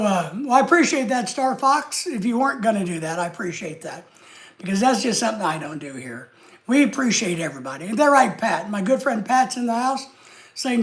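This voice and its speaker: A man with a high-sitting, brisk voice hosts a live stream, casually chatting and responding to viewer comments. He's easygoing and talks directly to the chat.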